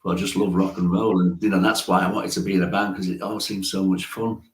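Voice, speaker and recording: A man's voice: deep voice, little pitch movement, quick pace. A man, a musician telling stories in a casual interview and chuckling often. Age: 60s. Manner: chatty storyteller, chuckles often. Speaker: musician guest. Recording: roomy echo.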